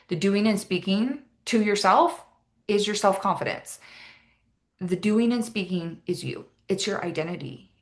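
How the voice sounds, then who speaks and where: A young woman coaching in a casual motivational talk, earnest and upbeat, with many "like" and "right?" asides. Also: on the low side. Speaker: fitness and mindset coach.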